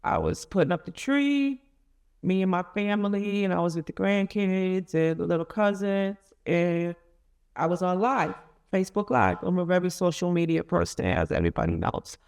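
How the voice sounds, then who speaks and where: A middle-aged woman in an interview, recounting a painful family story in a halting, emotional way with many restarts. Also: lowish voice, animated, vocal fry, darkish tone, smooth. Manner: emotional, rising and falling with feeling. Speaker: interviewee, mother of a convicted son. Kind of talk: emotional personal account in an interview.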